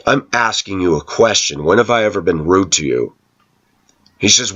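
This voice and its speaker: Speaking in a low voice with a sharp edge, this channel host tells rambling, sarcastic workplace stories straight to camera at a moderate pace. The recording loses its high frequencies.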